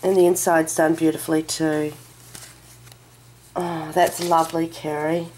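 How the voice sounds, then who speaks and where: A woman vlogging to camera as she opens a parcel, chatting casually and gushing with excitement. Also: low-pitched, unhurried, a little hiss or hum. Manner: gushing and excitable, breaks into delighted exclamations. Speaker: craft vlogger. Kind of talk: casual unboxing chat to camera. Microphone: camera mic a short way off.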